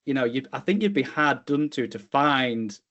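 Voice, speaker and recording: Man, podcast co-host, casual tech chat, ums and restarts, mid-pitched voice. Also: expressive, normal speed, fairly bright tone, highs cut off. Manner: explains carefully with many fillers and restarts.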